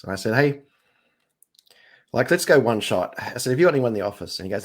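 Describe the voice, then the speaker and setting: A man, telling his business story in a casual, animated way and acting out what others said. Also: medium pitch, fast, long pauses. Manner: animated, acts out quoted voices. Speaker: business owner guest.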